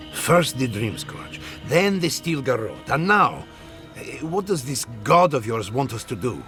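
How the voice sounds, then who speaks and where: A man's voice: mid-range voice, big pitch swings, slow, fairly bright tone, soft background music. An actor voicing a wry, skeptical man who gives practical advice in a video game.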